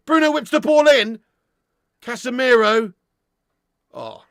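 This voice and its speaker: A man hosting a live football watch-along, excitable, yelling at the referee one moment and muttering the next, and chatting with his viewers. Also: takes it slowly. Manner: excitable, yells at the referee, then drops to low muttering; swears and chats with live viewers. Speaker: fan channel host.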